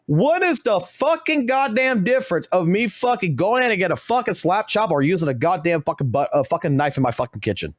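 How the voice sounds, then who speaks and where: Male game streamer, heated profane rant, fairly high voice. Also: sing-song, fairly quick, few pauses, dry recording, studio quality. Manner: heated, heavily profane ranting. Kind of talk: ranting reaction commentary.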